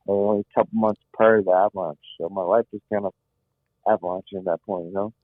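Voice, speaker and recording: A man's voice: fairly low pitch, steady tone, fairly quick, no room sound. A middle-aged man telling a personal survival story earnestly, often repeating words as he searches for them. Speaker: guest. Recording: tinny phone-like line, dry.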